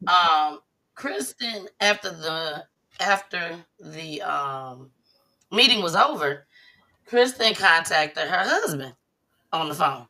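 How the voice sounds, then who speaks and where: Bright-voiced animated woman talk-show host. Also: slow pace. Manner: animated storyteller, bursts into loud high impressions. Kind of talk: casual chat.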